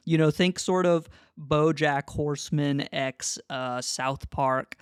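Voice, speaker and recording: A man's voice: on the high side, slow pace, smooth, no room sound. Rambling, laughing podcast guy, dry sound. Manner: rambling, laughing often, playful. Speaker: podcast co-host. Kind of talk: casual chat.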